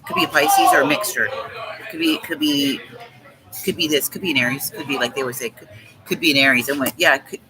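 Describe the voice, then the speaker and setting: A woman's voice: rumbling low, fast talker, crowd noise, low-quality recording. A woman hosting a tarot livestream, ranting in a blunt, profane, scornful way. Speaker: tarot reader and livestream host. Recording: music playing behind.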